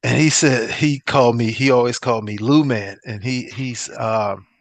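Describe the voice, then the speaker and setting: A middle-aged man spins stories in a relaxed interview, jumping into the voices of the people he quotes. His voice sits in an ordinary middle pitch. The sound is close and dry, with no room around it. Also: normal speed, no room sound. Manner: animated storyteller who acts out quoted dialogue. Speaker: interview guest, former pro football player. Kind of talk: casual storytelling interview.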